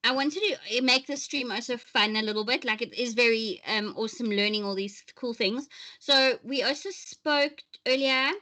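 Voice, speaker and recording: A South African woman hosting a casual livestream chat, talkative and quick to laugh. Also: on the high side, pushed and bright. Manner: chatty, laughs often. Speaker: host. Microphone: webcam close to the face.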